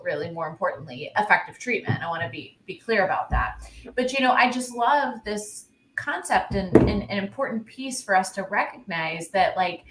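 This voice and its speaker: A woman's voice: medium pitch, sharp tone. A woman speaking as an expert panelist in a casual discussion, emphatic, with many rhetorical questions and frequent "like". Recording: roomy echo.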